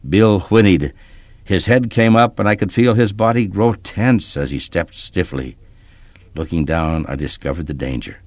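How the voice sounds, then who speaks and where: A man narrating a children's story in a steady, expressive reading style. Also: sits low, normal speed, no room sound.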